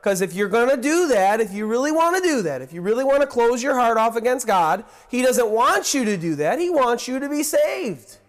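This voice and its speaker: A man. He is earnest and swings between hushed, confiding asides and rising, excited emphasis. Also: very high-pitched, fairly quick, few pauses. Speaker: preacher. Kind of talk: sermon.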